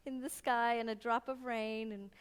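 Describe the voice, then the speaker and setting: Soft, hesitant woman introducing pieces. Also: on the high side, fairly even intonation, moderate pace, clear, resonant tone, big-room sound. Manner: hesitant, many ums, soft and trailing. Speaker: performer and reader at a library event. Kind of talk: casual stage chat. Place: public library event room. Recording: live event with music behind.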